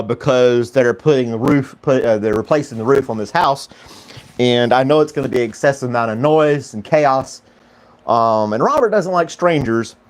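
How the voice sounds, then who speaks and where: A man hosting a casual live-stream podcast from home, rambling easily and chuckling as he talks. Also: mid-range voice. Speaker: podcast host.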